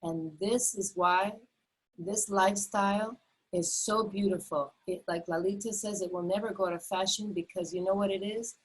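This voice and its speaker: A woman's voice: mid-range voice, steady tone, normal speed, breathy edge, low-quality recording. A middle-aged woman teaching a health webinar over a video call, earnest and repetitive, often restarting with fillers. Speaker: health educator. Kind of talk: enthusiastic webinar talk.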